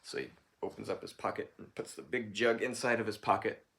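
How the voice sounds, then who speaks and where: A man casually telling a folk tale in a playful, lively way, throwing in animal noises. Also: on the low side, a little fast. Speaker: storyteller.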